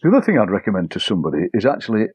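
Older man, English, chatty anecdotal interview guest, husky, muffled lo-fi sound. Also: lowish voice, huge pitch swings, rapid-fire, darkish tone, dry recording. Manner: chatty, anecdotal, acts out overheard lines. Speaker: poet and broadcaster, interview guest. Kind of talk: relaxed storytelling conversation.

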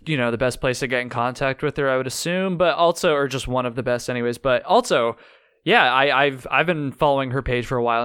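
A man's voice: medium pitch, fairly bright tone, clean tone, no room sound, clean studio sound. A man hosting a podcast, easygoing and chatty with loose restarts. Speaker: podcast host. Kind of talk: casual podcast chat.

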